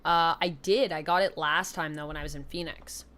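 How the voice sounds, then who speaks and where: On a home desk mic, a young Canadian woman with a slight Southern twang live-streams casual, rambling, self-deprecating chatter. She sounds low-pitched and a bit bright, keeping a steady tone at a slightly fast pace.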